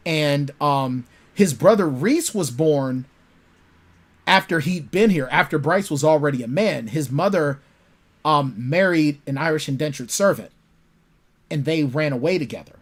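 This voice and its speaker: A man, an author guest in a casual interview, telling lively stories about his characters. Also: fairly high pitch, a little slow. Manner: animated storytelling, acts out his characters.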